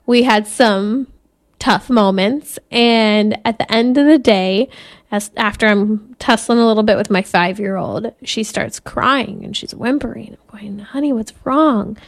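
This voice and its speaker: A woman's voice: mid-range voice, a little slow. A woman in her thirties, a Catholic mother hosting a faith talk, telling family stories earnestly and laughing now and then. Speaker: Catholic podcast host and mother.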